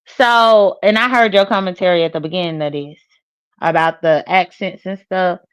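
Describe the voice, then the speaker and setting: A woman's voice: on the low side, moderate pace, clean tone, dry recording. A woman co-hosting a casual commentary show, rambling and hesitant, with many fillers.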